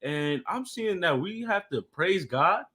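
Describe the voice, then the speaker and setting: A man's voice: high voice, unhurried, over a noisy crowd. A man co-hosting a live relationship advice stream, joking and reading out viewers' greetings. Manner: animated, jokey, reads out chat greetings. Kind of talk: playful live stream chat.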